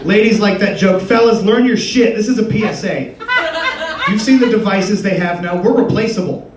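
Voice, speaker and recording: A man's voice: high voice, normal speed, over a noisy crowd. A young man doing a rambling, crude stand-up comedy set on a club stage, swearing freely with a loose, conversational delivery. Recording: roomy live club sound from a distance. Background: audience laughter.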